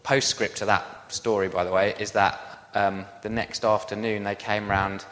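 A man, a pastor, telling a personal story in a sermon with lively, self-deprecating asides. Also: lowish voice, measured pace, in a large hall.

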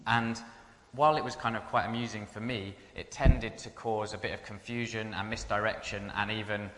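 A man's voice: fairly low pitch, steady tone, normal speed, a bit bright. A man telling humorous personal stories to an audience in a chatty, self-mocking way. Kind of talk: humorous anecdote told to an audience. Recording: echoey hall with long reverb.

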